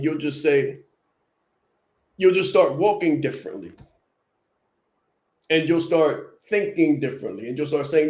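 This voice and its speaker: Man, brand coach, motivational podcast talk, repeats points, slightly high voice, echoey room. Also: unhurried. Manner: animated, repeats key lines for emphasis.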